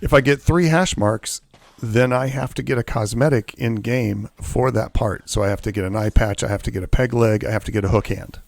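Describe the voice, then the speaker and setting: A man's voice: mid-range voice, brisk, vocal fry, hardly any pauses, no echo. A man streaming a pirate game live, rambling through his rules with restarts and muttering asides as he plays. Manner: rambling, self-correcting explanations; mutters under his breath while playing. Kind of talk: casual live gameplay commentary.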